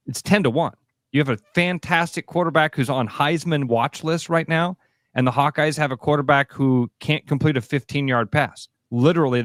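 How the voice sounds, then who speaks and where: Excitable male sports radio co-host. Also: medium pitch, no room sound, studio quality. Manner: animated, rambling, swears, many restarts.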